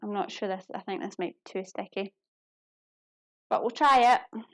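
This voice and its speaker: A woman's voice: mid-range voice, moderate pace. A woman with a Glasgow-area Scottish accent, chatting casually while cooking and reading comments, laughing often at herself. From Scotland. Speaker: live cooking streamer.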